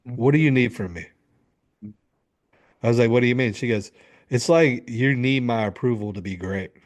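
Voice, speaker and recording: A man's voice: mid-range voice, moderate pace. A middle-aged man, a men's coach, telling a story in an interview, acting out what people said and swearing freely. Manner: animated, acts out quotes, swears freely.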